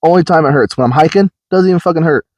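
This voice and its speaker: A young podcast co-host with a slightly high voice races through rambling stories in casual chat, swearing plenty and loudly acting out quotes. There's no echo on the recording.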